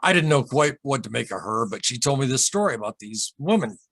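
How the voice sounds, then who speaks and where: A man being interviewed as a guest on a podcast, telling an unsettling personal story in an earnest, halting way, often repeating himself and getting emotional. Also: mid-range voice, expressive, a bit bright, breathy edge, no echo. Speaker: podcast guest, UFO experiencer.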